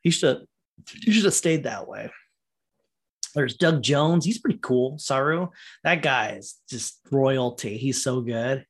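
A man's voice: mid-range voice, animated, measured pace, breathy edge. A man ranting casually on a solo podcast, rambling and profane, laughing often and mocking characters in quoted voices.

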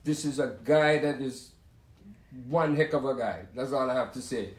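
A man's voice: mid-range voice, moderate pace, reverberant. A man in his seventies with a Jamaican accent, a musician reminiscing at home in a rambling, showman-like monologue. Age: 70s. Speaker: musician hosting a talk session.

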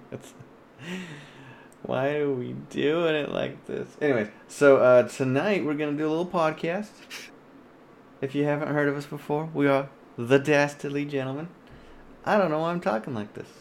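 A man's voice: a little high, moderate pace, gravelly, long pauses, slight background noise. A man co-hosting a casual podcast over a video call, rambling with many fillers and restarts. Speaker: podcast co-host.

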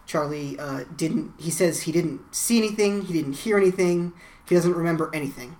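Deep-voiced woman cohost, walks thru the plot scene by scene, dry one-liners. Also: moderate pace, darkish tone. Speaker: podcast co-host. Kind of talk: casual chat recapping a TV episode.

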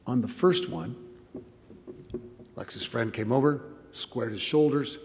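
A man's voice: mid-range voice, animated, slow, big-room sound. A man preaching a sermon as a pastor, telling a story with swelling and dropping volume and repeated words.

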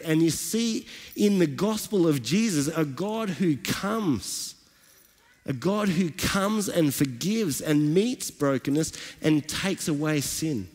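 A man's voice: fairly high pitch, a little mellow, in a large hall. A male pastor preaching a sermon, building his points through emphatic repetition.

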